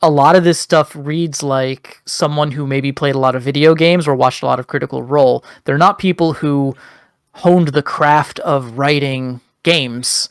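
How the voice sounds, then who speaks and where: A man co-hosting a podcast, making his points in a measured, step-by-step way in casual discussion. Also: fairly high pitch, steady tone, smooth, no echo, clean studio sound. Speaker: podcast co-host.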